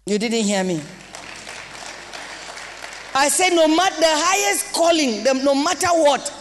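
A Nigerian woman pastor delivering an impassioned sermon with sing-song rises and shouted exclamations in a church hall. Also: high voice, expressive, measured pace, some chatter behind, a little hiss or hum. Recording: long reverb of a large hall.

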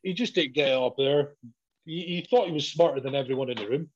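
A man, a professional wrestler, telling sweary, animated stories in casual chat and acting out both sides of each exchange. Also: on the high side, fast, a little hiss or hum. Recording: dull lo-fi audio.

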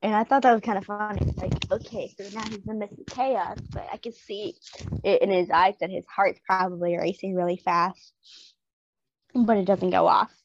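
A woman's voice: medium pitch, steady tone, moderate pace, muffled recording, slight background noise. A woman co-hosting a podcast, chatting casually and with amusement about a TV episode. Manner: laughing, chatty commentary. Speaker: podcast co-host.

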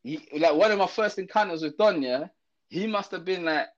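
High-voiced man. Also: normal speed. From Zimbabwe. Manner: animated, slangy, lots of fillers and restarts. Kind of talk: casual storytelling chat. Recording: dull lo-fi audio.

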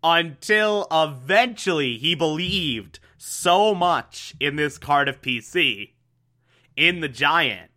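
Young guy gushing about a tv show, slow, kinda high, lots of likes and uhs. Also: sharp tone. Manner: enthusiastic, repetitive, filler-heavy. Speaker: TV recap host. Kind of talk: casual episode recap.

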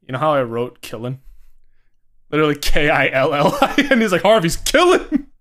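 A man's voice: a little high, big pitch swings, a little fast, a bit bright. A man co-hosting a casual podcast, laid-back and giggly, swearing freely. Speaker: podcast co-host. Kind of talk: casual chat.

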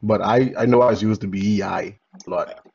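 A young man co-hosting a podcast with friends, teasing and laughing a lot. His voice is husky and on the low side, and the sound is a little dull and lo-fi. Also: normal speed, darkish tone. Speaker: podcast co-host. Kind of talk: casual chat.

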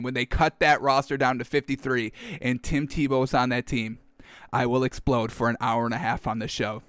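A man's voice: mid-range voice, normal speed, fairly bright tone, dry recording, clean studio sound. A man hosting a sports talk show. He rants with hyped energy and keeps addressing his audience as folks. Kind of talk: excitable sports commentary. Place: studio with a backdrop.

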